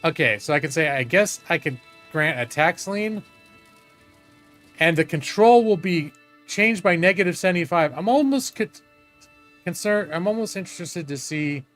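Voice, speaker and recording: A man's voice: a little high, expressive, measured pace, long pauses, a bit bright, faint music behind. A man casually commenting while he plays a strategy game live, swearing now and then and talking to his chat. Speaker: streamer playing a strategy game.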